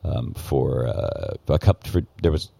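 Guest: very low male voice, dry close sound, swears a lot and stops and restarts as he tells a story. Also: gravelly, warm tone, dry recording. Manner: profane, heated, halting with many restarts. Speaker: guest, former news cameraman. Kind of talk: casual podcast storytelling.

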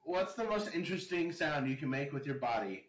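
A man's voice: on the high side, lively intonation, a little fast. A man hosting a casual online podcast interview, joking and breaking into laughter. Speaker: podcast host. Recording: dull lo-fi audio in an echoey room.

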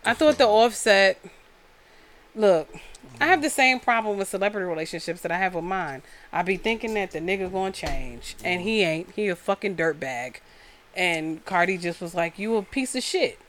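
A woman's voice: medium pitch, a little fast. A woman, co-hosting a podcast in casual, blunt, profane banter. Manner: blunt, animated, profane storytelling. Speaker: podcast co-host.

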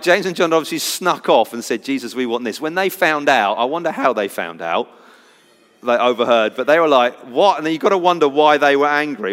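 A man preaching a sermon, telling the story with lively swings from loud, bright bursts to low, hushed passages. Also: long reverb tail. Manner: animated storytelling, acting out disciples' voices, wide swings from loud to hushed.

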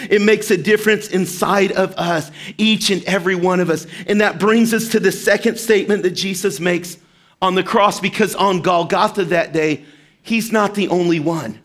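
A man preaching a sermon as pastor, animated and acting out quoted voices. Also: high voice.

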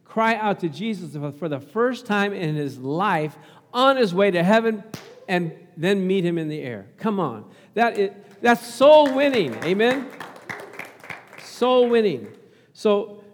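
A man's voice: sits high, very animated, a little slow, long reverb tail, a little hiss or hum. A middle-aged male pastor preaching a sermon, telling a family story and calling out for amens. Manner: storytelling, acts out quoted voices, calls for amens.

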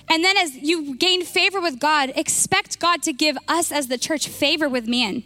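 A woman pastor with a high, bright voice, preaching and retelling a story in an animated way. She acts out the dialogue and often restarts her sentences. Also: measured pace, soft background music. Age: young adult. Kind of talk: sermon.

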